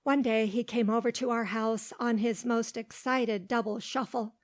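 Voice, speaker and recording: A woman narrating an audiobook with steady, clear storytelling. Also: on the high side, moderate pace, hardly any pauses. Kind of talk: audiobook reading.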